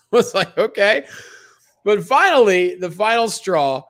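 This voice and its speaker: A man's voice: high voice, sing-song, measured pace, a bit bright. A young man from Pennsylvania, a comedian telling a self-mocking story in a casual podcast chat.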